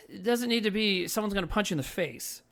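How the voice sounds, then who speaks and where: A man's voice: high-pitched, moderate pace, gravelly, fairly bright tone. A man co-hosting a podcast in casual chat, earnest and profane, rambling with lots of fillers. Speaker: podcast co-host.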